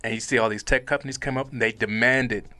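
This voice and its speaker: A man in his forties co-hosting a casual panel talk, earnest and animated, often laughing as he speaks. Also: medium pitch, quick pace. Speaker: podcast co-host.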